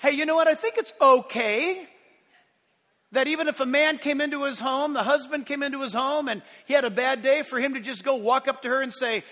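A man preaching a sermon as pastor, swinging between emphatic bursts and quiet asides. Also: very high-pitched, a little fast. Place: church hall. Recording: long church hall reverb.

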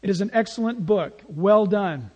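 A man with a high voice preaches an emphatic sermon, pressing his points and telling stories to his congregation. His words ring with a long reverb in a large church hall. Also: lively intonation, normal speed, darkish tone, husky. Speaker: pastor.

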